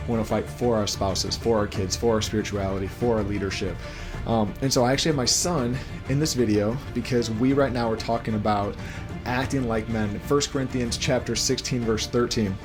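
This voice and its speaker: A man's voice: mid-range voice, fairly even intonation, brisk, music in the background. A young man giving an earnest devotional talk as a podcast host, asking many questions while holding his baby at home.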